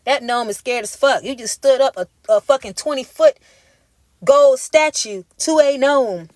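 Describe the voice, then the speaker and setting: A woman's voice: high-pitched, a little slow, a little mellow, dry recording. A woman giving a tarot reading as an emphatic, profane pep talk in casual street slang. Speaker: tarot reader. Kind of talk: intuitive tarot reading monologue.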